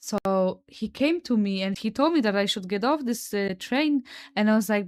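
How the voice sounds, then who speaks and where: A woman's voice: mid-range voice, a little fast, a little mellow. Woman, Polish accent, young adult, casual storytelling, chatty, filler-heavy, swears. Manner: chatty, lots of "like" and "no?" tags, swears freely. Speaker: podcast host.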